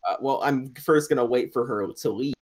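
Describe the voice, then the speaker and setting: A man playing in a tabletop game, casual and quick to laugh. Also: mid-range voice, crowd noise. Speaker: player.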